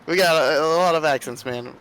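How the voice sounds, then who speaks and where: Bright-voiced joking man player. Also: on the high side, brisk, clear, resonant tone. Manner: joking, swears freely. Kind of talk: casual tabletop play.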